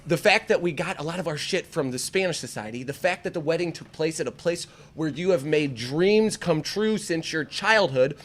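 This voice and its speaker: Speaking at a moderate pace with few pauses, this slightly high-voiced man from the American Midwest co-hosts a relaxed podcast. He's excitable and cusses freely. Laughter breaks into his casual chat again and again.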